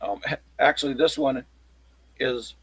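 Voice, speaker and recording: A man chatting casually on a livestream, showing his locksport tools in a halting, rambling way. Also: medium pitch, husky, no echo, poor audio. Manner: halting, rambling show-and-tell.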